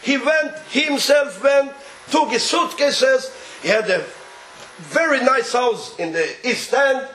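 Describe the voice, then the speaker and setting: Male storyteller, very high voice, Yiddish accent, animated and chuckling, echoey room. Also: slow pace, a little hiss or hum. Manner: animated, chuckling, mixing Yiddish and Hebrew words. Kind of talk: telling a rabbinic tale.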